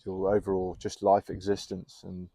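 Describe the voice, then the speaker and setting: A young man, a fitness coach guest, chatting casually outdoors in a garden on a podcast and telling candid, animated stories. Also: low-pitched, moderate pace, vocal fry. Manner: candid, animated storyteller who laughs easily.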